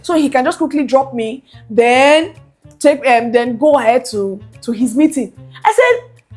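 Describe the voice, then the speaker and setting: In a high-pitched, slightly rough voice at normal speed, a young vlogger animatedly recounts a personal story for her viewers. She voices the other characters as she goes, casual in tone, with faint music behind.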